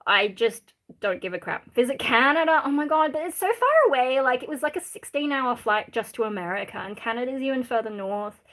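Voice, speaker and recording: A woman's voice: fairly high pitch, animated, a little fast, few pauses, fairly bright tone. Chatty Australian woman streamer. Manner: reads out and answers chat questions, many fillers. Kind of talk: casual livestream chat.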